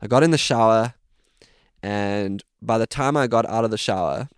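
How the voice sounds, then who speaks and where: A man's voice: lowish voice, moderate pace, clean tone, no room sound, clean studio sound. A man telling a vivid, dramatic story as a podcast guest. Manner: vivid, dramatic retelling with voiced sounds. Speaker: podcast guest, safari guide. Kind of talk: animated storytelling.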